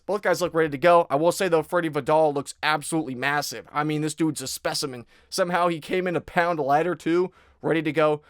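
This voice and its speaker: Brief: young male fight-pick host, blunt and profane, slightly high voice, dry close sound. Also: steady tone, fast talker, few pauses, dry recording. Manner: blunt, profane, rambling with restarts. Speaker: MMA betting analyst host. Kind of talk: casual fight breakdown.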